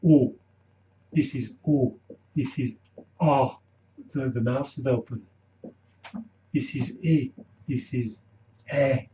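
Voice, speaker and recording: A man teaching a language lesson, speaking slowly and carefully and repeating words to drill pronunciation. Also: mid-range voice, mellow. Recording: roomy, dull lo-fi with faint noise.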